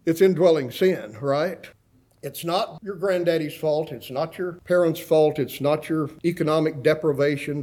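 A man preaching a sermon, talking straight to his congregation and swinging his voice up and down when he quotes scripture. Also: dark tone. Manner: dramatic swings in pitch and volume when quoting scripture; conversational, asks the congregation direct questions. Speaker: pastor.

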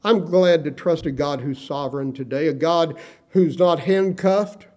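A middle-aged man delivering a sermon in a warm, mellow voice that sits a little high. He preaches emphatically, drawing out the words he wants to land. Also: unhurried. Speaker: pastor.

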